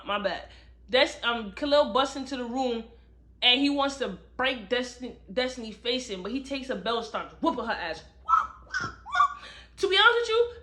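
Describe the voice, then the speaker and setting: Bright, animated woman retelling a novel. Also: high-pitched. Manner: animated storytelling, acts out characters' lines. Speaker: book reviewer. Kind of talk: casual book review recap.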